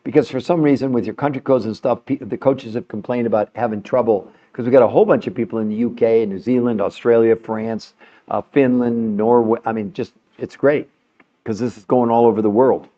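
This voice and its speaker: A man's voice: medium pitch, steady tone, a little fast, dark tone, dull audio. An older man hosting a health show, chatting casually and animatedly with a caller, often laughing and calling her by name. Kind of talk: casual live call-in chat.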